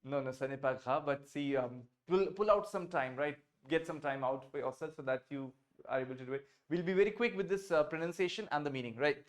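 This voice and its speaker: A man with an Indian English accent and a somewhat high voice, teaching French to beginners over a video call. He is patient, drills phrases slowly and repeats them, and moves back and forth between French and English. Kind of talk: online beginner French class.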